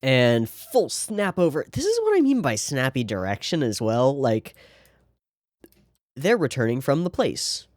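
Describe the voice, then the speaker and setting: A man's voice: medium pitch, wildly swooping pitch, measured pace, darkish tone, dry recording, clean studio sound. A man hosting an anime reaction, talking through the episode in a casual, sarcastic way with rambling asides.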